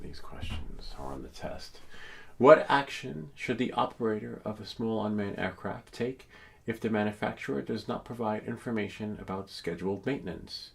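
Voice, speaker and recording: A man's voice: lowish voice, gravelly. A man casually reading drone exam questions aloud and tossing in joking asides.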